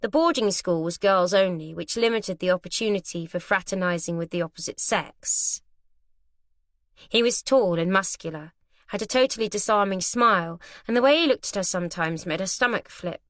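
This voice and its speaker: A woman's voice: mid-range voice, dry recording. Woman narrating a thriller audiobook, dry. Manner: measured, steady storytelling. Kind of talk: scripted narration.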